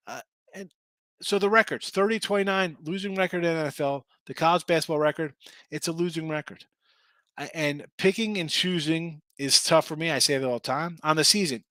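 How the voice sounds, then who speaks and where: A man's voice: a little high, pushed and bright, no echo, studio quality. A man hosting a sports betting livestream, chatting casually, rambling through picks and records and answering viewers by name. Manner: rambling, reads out picks and chat names, restarts often. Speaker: sports betting show host.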